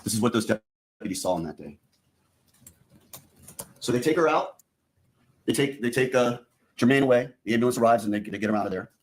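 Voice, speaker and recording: A prosecutor addresses a jury in a courtroom, a man of ordinary pitch laying out the evidence piece by piece. He keeps turning back to the jurors, telling them what they are going to see and hear, in a steady, methodical delivery. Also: brisk, pauses often. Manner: addresses the jury directly, repeating "you're gonna". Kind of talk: courtroom opening statement.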